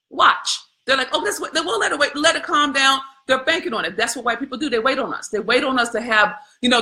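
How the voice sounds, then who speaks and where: Fervent bright-voiced woman. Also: high-pitched. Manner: fervent, preachy, reads viewer comments aloud; colloquial, addresses viewers as y'all. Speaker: host of a live video. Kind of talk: impassioned live-stream commentary.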